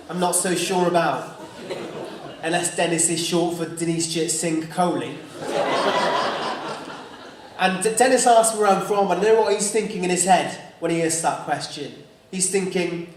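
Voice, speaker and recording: English comic telling a wry story, voice a bit high, echoey and far off. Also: male voice, normal speed, pauses often, background noise. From England. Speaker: stand-up comedian. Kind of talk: stand-up comedy. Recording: echoey stage heard from afar.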